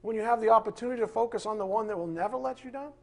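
A middle-aged man preaching with a husky voice, firing off rhetorical questions and swinging from loud outbursts to hushed asides. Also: high voice, racing. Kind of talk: sermon.

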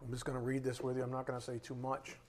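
A man teaching a Bible lesson in a relaxed, conversational way, often checking in with his listeners with "right?". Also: medium pitch, racing, a little hiss or hum.

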